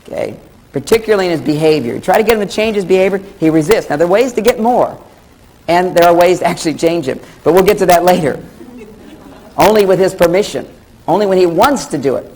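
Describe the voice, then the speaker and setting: A man's voice: high voice, fast, rough recording. A middle-aged man giving a jokey relationship lecture to an audience, telling stories and acting out bits of dialogue. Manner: jokey, animated storytelling with acted-out dialogue. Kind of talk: comic lecture to a live audience. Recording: old VHS tape with faint background noise.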